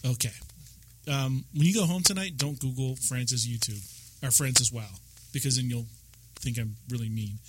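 A man's voice: mid-range voice, normal speed, noisy background. A man telling a story in a casual chat, laughing often. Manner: animated storytelling with frequent laughs.

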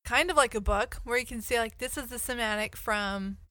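A woman co-hosts a casual podcast, talking through her ideas at length. Her voice is bright and slightly high. It sounds dry and close. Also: a little fast, dry recording. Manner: chatty, explains ideas at length. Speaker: podcast co-host. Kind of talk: casual chat.

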